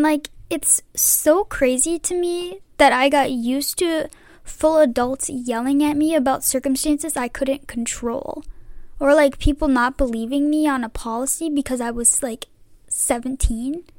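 A woman's voice: sits high, darkish tone, dry recording. A young woman hosting a casual chat, rambling with lots of fillers. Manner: rambling, many "like" and "I don't know" fillers. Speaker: podcast host.

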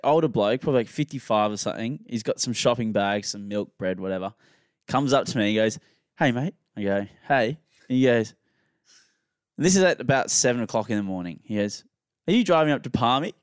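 A man's voice: on the low side, brisk, no echo, studio quality. A man co-hosting a podcast, casually telling a rambling story and acting out the people in it. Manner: rambling storyteller, animated quotes. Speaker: podcast co-host. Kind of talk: casual chat.

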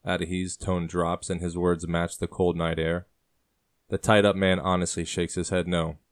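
A man narrating a historical story in a measured, even way. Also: low-pitched. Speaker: audiobook narrator. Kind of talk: scripted narration.

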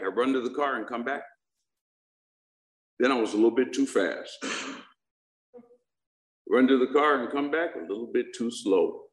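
Speaking at a normal speed in a mid-range voice, the middle-aged man is expressive and pauses often. He tells a live audience a funny personal story of recovery, joking and asking questions, in a room with an echo.

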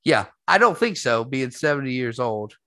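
A man spinning a rambling story in casual podcast chat, his voice swinging up and down with lively energy. The sound is dry and close to the mic. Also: medium pitch, normal speed, dry recording. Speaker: podcast host.

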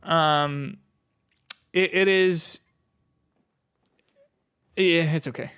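A man's voice: on the high side, fairly even intonation, extremely slow, fairly bright tone, clear, resonant tone. A man co-hosting a casual gaming podcast, chatting with frequent ums and restarts. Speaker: podcast co-host. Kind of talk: casual chat.

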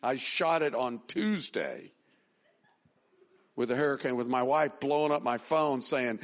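A middle-aged man preaches from the pulpit in a relaxed, folksy way. His voice sits at an ordinary middle pitch for a man, and he stumbles, restarts and builds emphasis as he goes. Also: measured pace, pauses often. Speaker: pastor. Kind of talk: sermon.

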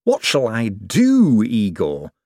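An obsessive young inventor frets and eagerly seeks reassurance, as a male narrator puts him on. His voice rises and falls in a lively way, with a dry, close sound. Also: lowish voice, takes it slowly, no room sound, exaggerated voice. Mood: anxious.

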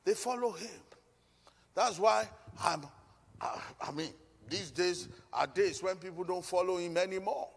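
A man's voice: high-pitched, unhurried, creaky, breathy edge, big-room sound. A male pastor preaching a sermon, emphatic and given to repeating phrases.

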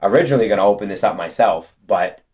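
Casting: young guy, very deep voice, chatty interview guest, loose and rambling. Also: animated, fast, darkish tone. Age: 20s. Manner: chatty, storytelling with many fillers. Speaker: guest, detailing business co-owner. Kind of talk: casual interview talk.

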